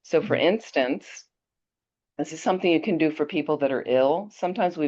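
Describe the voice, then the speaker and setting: Woman Buddhist teacher, deep voice, lively storyteller, muffled lo-fi audio. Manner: animated storyteller, chatty with restarts. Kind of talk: teaching talk with personal anecdote. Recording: dull lo-fi audio.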